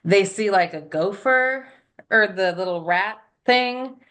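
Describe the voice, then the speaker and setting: Casual movie chat, animated woman with a bright voice who acts out scenes. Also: medium pitch, slow. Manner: animated, acts out characters in quotes.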